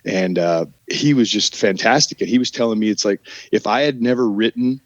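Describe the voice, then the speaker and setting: A man's voice: fairly low pitch, fairly quick, no room sound, dull audio. A man with a Southern American drawl, an actor guest talking in a casual podcast interview, rambling with many restarts and trailing sentences.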